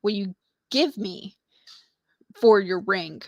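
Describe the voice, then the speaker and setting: A woman's voice: medium pitch, animated, slow pace, no echo. A woman quoting a pompous garbage-disposal creature. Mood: demanding. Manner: pompous, demands payment from mortals. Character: demanding male creature living in a garbage disposal. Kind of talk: retold story with quoted lines.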